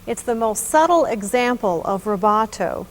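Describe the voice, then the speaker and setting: A woman giving scripted instructional narration about hymn playing in a measured, explanatory way. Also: a little high, expressive, a little hiss or hum. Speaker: narrator and organ teacher.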